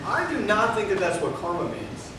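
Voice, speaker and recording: A man's voice: high voice, very animated, moderate pace. An actor playing a prim, earnest young male history student in an amateur stage play. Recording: distant echoey hall with noise.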